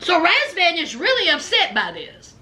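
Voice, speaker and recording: A woman's voice: extremely high pitch, huge pitch swings, moderate pace, pushed and bright. A woman giving a blunt, sassy reaction recap of a reality show, scolding the people on it. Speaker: reality TV commentator.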